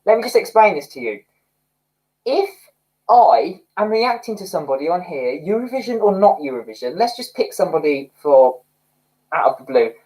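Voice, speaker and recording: A man's voice: sits high, big pitch swings, normal speed, darkish tone, low-quality recording. A young man hosting a livestream, chatting casually and rambling expressively while reading out comments. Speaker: livestream host.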